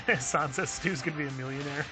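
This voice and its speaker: A man's voice: a little high, moderate pace, over loud music, poor audio. A man live-streaming a game who reads viewer chat aloud, chuckling often and talking in a friendly, chatty way.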